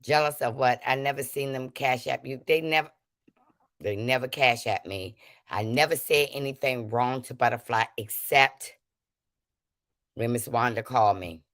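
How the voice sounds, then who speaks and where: A woman's voice: rumbling low, normal speed, a bit bright, dry recording, studio quality. A woman hosting a livestream, calling people out to her chat and switching between anger and preachy talk of prayer and forgiveness. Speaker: livestream host.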